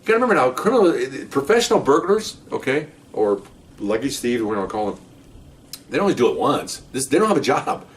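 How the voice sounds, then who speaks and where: A man's voice: medium pitch, big pitch swings, quick pace, recorded from a distance. A man telling police stories in a rambling, casual way, acting out the voices of people in them. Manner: rambling, restarts, acts out voices loudly. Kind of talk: casual storytelling.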